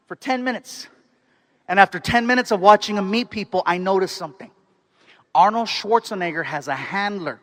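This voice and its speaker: High-voiced animated stand-up comedian man. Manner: animated, excitable, acts out scenes. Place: comedy stage.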